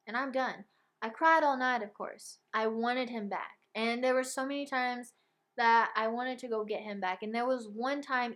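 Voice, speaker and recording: A young woman telling a personal story to camera in a casual vlog, with lots of filler words and animated retellings. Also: on the high side. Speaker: vlogger.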